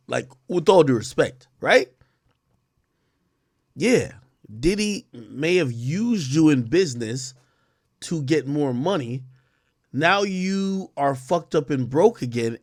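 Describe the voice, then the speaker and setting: A man streaming casual reaction commentary, profane and quick to laugh. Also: mid-range voice, no room sound, clean studio sound. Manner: profane, animated, laughs often.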